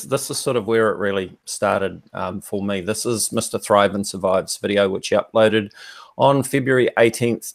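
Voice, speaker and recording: Low gravelly guy walking thru his screen share, dry close sound, lots of ums. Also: no room sound. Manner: measured, hesitant with many ums. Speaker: guest presenter.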